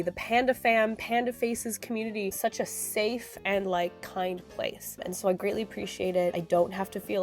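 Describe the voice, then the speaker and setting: A young woman, sick with a raspy voice, chatting effusively in a casual Q and A vlog into her phone, which she uses as a mic. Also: medium pitch, darkish tone. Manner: chatty and effusive, many fillers. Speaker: cosplay YouTuber. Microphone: phone used as microphone, held close.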